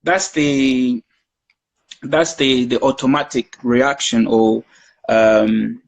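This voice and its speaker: A man speaking as a guest in a live discussion, giving calm, earnest advice and now and then acting out conversations between a child and a parent. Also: mid-range voice, slow pace, creaky, poor audio. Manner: acts out parent-child conversations in quoted speech.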